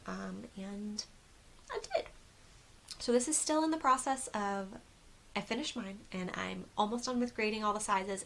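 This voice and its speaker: A woman's voice: medium pitch, gravelly, fairly bright tone, slight background noise, rough recording. A woman hosting a casual crochet video podcast, chatty and rambling, with frequent ums, seated at home on camera. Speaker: crochet designer and podcast host.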